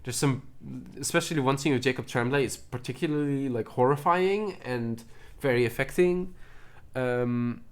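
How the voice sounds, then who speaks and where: This home streamer walks viewers through his film collection, chatting casually and praising everything with enthusiasm, often saying the same things twice. His voice is medium in pitch, and he speaks at an ordinary speed.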